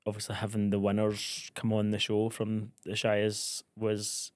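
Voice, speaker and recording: A man's voice: fairly low pitch, monotone, a little slow, darkish tone, dry recording, clean studio sound. A young Scottish man co-hosting a podcast in casual, jokey chat, acting out the exchanges he retells. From Scotland. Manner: chatty, jokey, acts out quoted exchanges. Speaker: podcast co-host.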